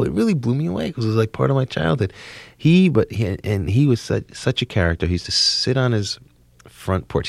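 Gravelly-voiced rambling comedian man. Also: fairly low pitch, dry recording. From New Jersey. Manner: rambling, excitable, lots of laughs and restarts. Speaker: comedian guest. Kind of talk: casual interview chat.

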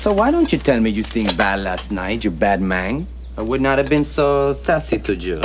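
A man's voice: fairly low pitch, sing-song, moderate pace. An actor playing a flamboyant, sassy Guatemalan houseman with a Guatemalan accent, teasing and pleading in a film scene. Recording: film clip with background noise.

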